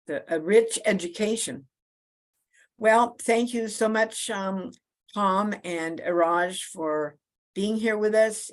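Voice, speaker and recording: A woman moderating an online discussion and closing it, halting with many fillers and repeated words. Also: medium pitch. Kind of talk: closing remarks on a video call. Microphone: video call.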